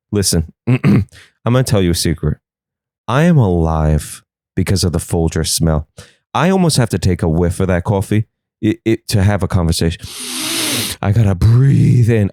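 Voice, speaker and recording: A young man riffs sarcastically through the day's news as a comedy host, his pitch leaping all over the place. The sound is dry and close, with no room around it. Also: mellow, dry recording. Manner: sarcastic, riffing with silly put-on voices.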